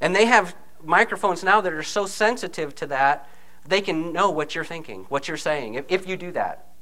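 A man preaching a conversational sermon, animated, often checking in with his listeners by asking "okay?". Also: a little high, normal speed. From United States.

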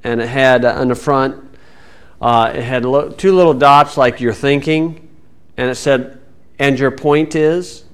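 A man's voice: medium pitch, fairly even intonation, a little slow, clean tone. A man teaching the Bible in a folksy sermon style, with sarcastic asides and mocking voices.

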